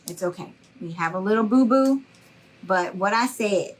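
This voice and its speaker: A woman's voice: mid-range voice, measured pace, fairly bright tone, a little hiss or hum, low-quality recording. A middle-aged woman, giving a live craft tutorial in a chatty, reassuring way and greeting viewers by name. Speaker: craft instructor.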